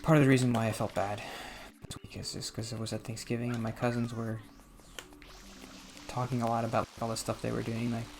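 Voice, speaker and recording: A young man talking casually and self-reflectively while playing a video game, rambling with soft laughs. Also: mid-range voice, level tone, a little fast, creaky. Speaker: gaming vlogger. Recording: music playing underneath.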